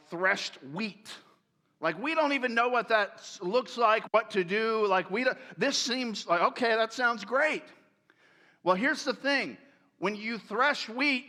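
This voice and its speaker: A man's voice: very high voice, sharp tone, in a large hall. A male pastor preaching a sermon in a casual, joking storytelling way, in a large church.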